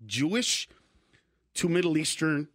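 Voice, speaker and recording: A man from East Los Angeles in a casual comedic chat, animated and jokey. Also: fairly high pitch, takes it slowly. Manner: animated, jokey, slips into impressions.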